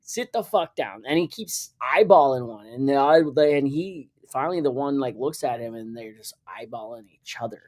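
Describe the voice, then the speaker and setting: A man's voice: mid-range voice, moderate pace, few pauses, darkish tone. A man, hosting a podcast and telling a story in a rambling, profane way, often correcting himself. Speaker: podcast host. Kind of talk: casual storytelling.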